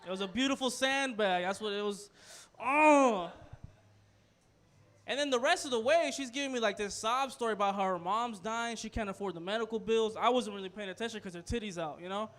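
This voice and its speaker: A young man doing a stand-up set in a small comedy club, telling a story with quiet asides and loud punchlines. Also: high-pitched, a little fast.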